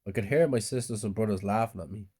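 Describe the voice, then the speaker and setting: Guy reading a bedtime horror story, mellow dark tone, subdued. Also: on the low side, fast talker, breathy edge. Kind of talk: scripted horror story narration.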